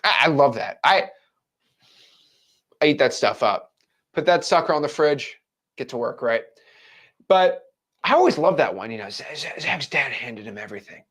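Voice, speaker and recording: Young male business coach, straight-talking, animated delivery with a wide pitch range, addressing camera. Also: normal speed, long pauses. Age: 20s. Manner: blunt, frank and animated. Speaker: real estate wholesaling coach. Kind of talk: motivational talk to camera.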